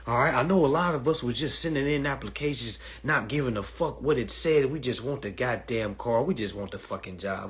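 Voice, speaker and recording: Profane, animated man with a husky voice. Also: mid-range voice, moderate pace. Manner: animated, profane, keeps asking "all right?" and calling listeners "family". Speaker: host explaining finance to listeners. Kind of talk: casual profane monologue lesson.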